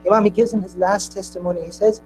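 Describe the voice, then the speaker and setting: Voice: mid-range voice, steady tone, quick pace, over music, low-quality recording. A speaker at a mourning gathering, telling a sacred story in an impassioned, grieving sermon.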